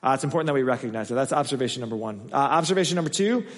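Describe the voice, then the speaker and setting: A man's voice: mid-range voice, expressive, rapid-fire. A man preaching a conversational sermon as pastor, acting out the voices he quotes. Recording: long hall reverb.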